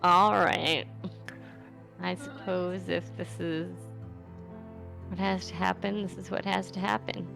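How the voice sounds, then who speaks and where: A woman playing in a tabletop game, chatting in a measured, amused way. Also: on the low side, flat delivery, vocal fry, fairly bright tone, soft background music. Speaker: player. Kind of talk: casual chat at a tabletop game.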